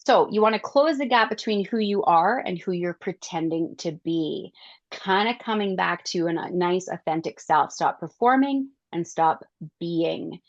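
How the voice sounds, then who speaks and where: A woman wellness coach leading a class, telling stories and acting out her own reactions in a lively way. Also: fairly low pitch, unhurried, dry recording, muffled recording.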